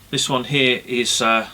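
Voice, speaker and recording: A man giving casual puppetry tips in a relaxed, friendly way with many ums, recorded indoors on a camera-mounted mic. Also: mid-range voice. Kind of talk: casual instructional talk.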